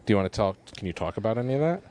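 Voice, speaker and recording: Relaxed joking man hosting a podcast. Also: on the low side, rapid-fire. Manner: relaxed, joking, stammers into restarts. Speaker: podcast host. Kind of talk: casual podcast chat.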